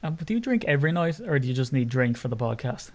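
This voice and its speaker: A young Irish man hosting a chatty sports podcast, quick to crack jokes and drop a swear word. His voice sits at an ordinary middle pitch. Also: big pitch swings. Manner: joking, swears casually. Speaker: podcast host. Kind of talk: casual chat.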